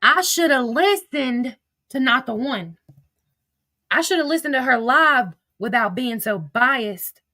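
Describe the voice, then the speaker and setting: A woman's voice: high-pitched, lively intonation, pushed and bright, no room sound. A young woman, reading texts aloud on a livestream in a heated, profane rant. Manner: heated, profane, rapid rants.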